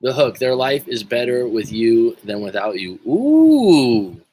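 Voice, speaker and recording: A man's voice: mid-range voice, sing-song, slow pace, mellow, a little hiss or hum, poor audio. Joking, profane male livestream coach. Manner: joking, profane, rambling with restarts. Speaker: life coach. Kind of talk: casual livestream talk, reading viewer comments.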